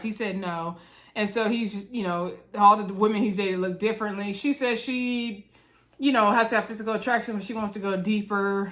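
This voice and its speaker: A woman's voice: medium pitch, fairly bright tone. A young woman, chatting casually and gossiping to viewers as she recaps a reality show, often calling out to them directly. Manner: chatty, gossipy, addresses viewers as y'all, acts out quotes.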